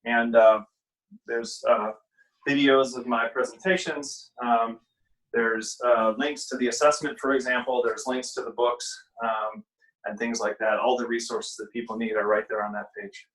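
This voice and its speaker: A man's voice: medium pitch, steady tone, normal speed, a bit bright, poor audio. A middle-aged man from Wisconsin, a guest on a casual podcast interview, who talks emphatically, repeats key phrases and jokes at his own expense. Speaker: guest speaker and author.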